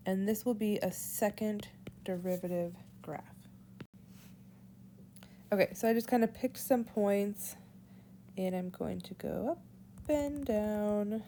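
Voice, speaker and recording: Slow, mellow woman teaching math. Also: medium pitch, fairly even intonation, slight background noise. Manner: slow, deliberate, walks through steps aloud. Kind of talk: whiteboard lesson explaining calculus.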